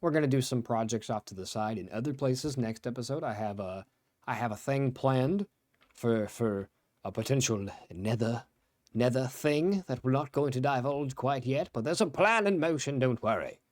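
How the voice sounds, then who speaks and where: A young man from Ohio hosting a gameplay video, rambling casually with excitable bursts. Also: mid-range voice, normal speed, no echo. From Ohio, USA. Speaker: let's play host.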